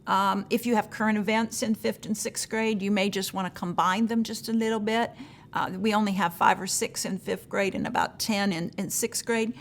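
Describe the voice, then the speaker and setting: A woman's voice: mid-range voice, steady tone, moderate pace, a little hiss or hum. A woman leading a teacher-training session, giving practical advice in a conversational way, with frequent fillers and acted-out questions from teachers.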